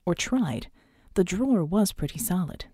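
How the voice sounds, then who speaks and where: A woman reading an action novel aloud in an even, steady storytelling way. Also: lowish voice, moderate pace, slightly rough, no echo, clean studio sound. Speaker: audiobook narrator. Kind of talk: scripted narration.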